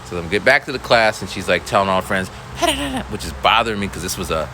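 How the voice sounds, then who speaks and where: A man's voice: on the low side, sing-song, brisk, bright, forceful tone, a little hiss or hum. A male schoolteacher telling a story in a casual, rambling monologue, full of restarts and voiced quotes. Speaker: school teacher.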